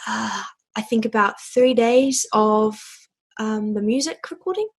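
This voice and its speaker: A woman's voice: a little high, unhurried, breathy edge. Young woman, bubbly chatty interview guest. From New Zealand. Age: young adult. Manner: bubbly and chatty, laughs often, many fillers. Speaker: interview guest, voice actor and singer. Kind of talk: casual interview chat.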